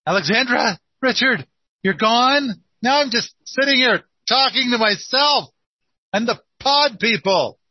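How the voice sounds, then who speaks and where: A man's voice: very high-pitched, lively intonation, a little slow, slightly rough, no room sound, highs cut off. A man hosting a casual call-in chat, speaking in a playful, teasing way. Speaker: host.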